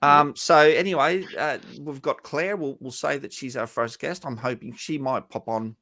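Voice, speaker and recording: A man's voice: mid-range voice, moderate pace, bright, forceful tone. A man hosting a live-stream panel, chatting loosely with many fillers and restarts. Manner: rambling, loose, with frequent fillers. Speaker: host.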